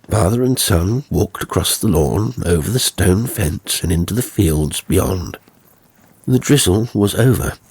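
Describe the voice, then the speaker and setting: A man reading a horror story in a slow, measured scripted narration, dropping to a hush at times. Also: sits low, vocal fry, breathy edge, dry recording.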